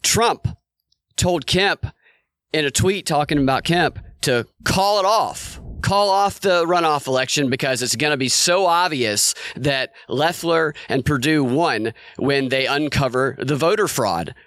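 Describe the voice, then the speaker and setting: A man's voice: fairly high pitch, unhurried, a bit bright, no echo. A man co-hosting a casual political podcast, a wry storyteller. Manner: wry storyteller acting out a phone call. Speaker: podcast co-host.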